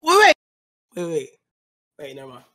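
Excitable man with a bright voice. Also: on the high side, normal speed. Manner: excitable, teasing, shouts when laughing. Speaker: streamer. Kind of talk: casual chat on a live stream.

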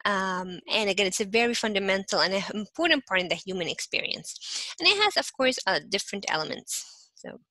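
A young woman teaching a lecture in a bright, clear voice. She keeps saying "again" and breaks into little acted-out examples. The sound is dry and close, with no room echo. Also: medium pitch, expressive, brisk. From not from Canada. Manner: repeats "again" and restarts often, acts out short examples. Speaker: instructor. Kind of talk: recorded lecture.

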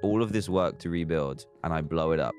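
A young man giving casual, animated commentary while playing a video game. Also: deep voice, brisk, faint music behind. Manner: animated, swings into panicked exclamations. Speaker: gaming YouTuber. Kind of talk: casual let's-play commentary.

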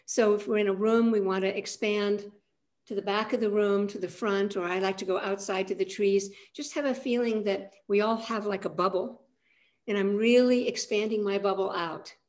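An older woman, an aikido teacher, guiding a calm centering practice on a video call with a soft, unhurried manner. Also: mid-range voice. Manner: calm, soft-spoken guidance with frequent pauses.

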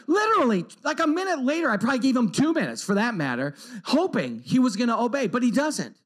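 Animated high-voiced man telling stories. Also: fast, few pauses. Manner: animated, swings from loud outbursts to hushed tones. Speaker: conference speaker. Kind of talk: personal storytelling talk. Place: retreat conference talk.

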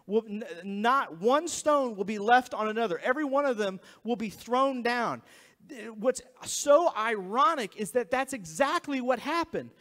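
A man delivers a sermon from the pulpit in a high, animated voice, slipping into acted-out quotes. His words ring with the long reverb of a church hall. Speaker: pastor. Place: church sanctuary.

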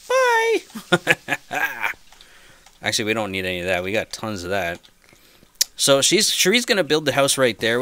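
A man casually commenting on his own gameplay, chatty and quick to yelp and laugh. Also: mid-range voice. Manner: chatty, easily excited, yelps and laughs. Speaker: gaming channel host. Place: home room with an aquarium. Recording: noisy home recording, aquarium drip behind. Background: dripping aquarium water.

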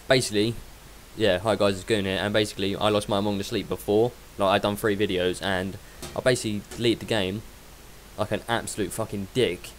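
A man's voice: lowish voice, fairly even intonation, brisk, slight background noise. A man giving crude, sarcastic let's-play commentary and talking back to the game. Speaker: gaming YouTuber. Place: dark room at home. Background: game music and sound effects.

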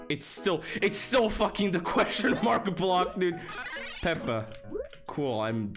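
A young man streams a game and talks over it in loose, mocking commentary, swearing often and breaking into shouts of disbelief. His voice sits a little high and swings widely in pitch. Faint music plays behind him. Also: very animated, takes it slowly. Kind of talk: casual gameplay commentary.

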